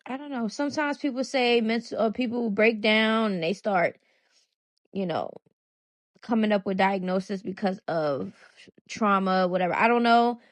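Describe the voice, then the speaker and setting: A woman's voice: mid-range voice, normal speed, dry recording. Woman, casual commentary host, chatty, hesitant, many fillers, dry sound.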